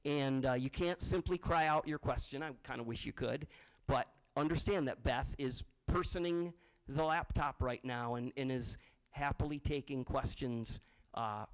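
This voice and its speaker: A man's voice: mid-range voice, measured pace, rough recording. A man from college admissions opening a live-streamed panel, telling a parable with self-deprecating jokes. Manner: jokey, self-deprecating, storytelling.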